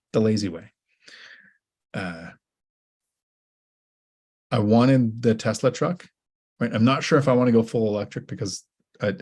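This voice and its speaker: Low, husky man rambling casually. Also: a little mellow. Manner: rambling, halting with restarts. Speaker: host. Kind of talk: casual livestream Q&A.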